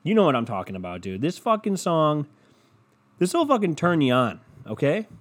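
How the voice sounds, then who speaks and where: A man hosting a podcast, ranting casually with constant swearing and a loud, animated delivery. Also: fairly high pitch, moderate pace. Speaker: podcast host.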